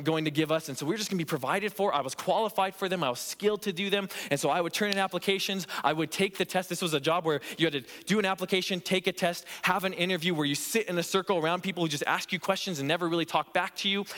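A man delivers a sermon in an earnest, emphatic way, driving points home by repeating phrases. His voice sits a little high for a man. The sound carries a long reverb from the church hall around him. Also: fairly bright tone. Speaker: preacher.

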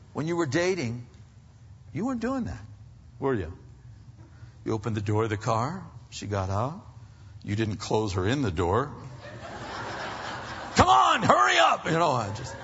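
A man gives a casual, lively sermon aimed at married men, slipping into short acted-out exchanges. His voice has a slight husky edge. The recording is muffled and dull, with a long reverb trailing through a large hall. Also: medium pitch. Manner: conversational preaching, animated, acts out husband dialogue.

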